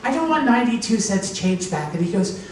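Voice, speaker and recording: Fairly high-pitched, very animated, and a little mellow, a woman from Pennsylvania moves a bit quickly through her stand-up stories for a live audience. She voices the people she quotes and laughs at her own punchlines. The echoey hall was recorded from a distance with faint noise.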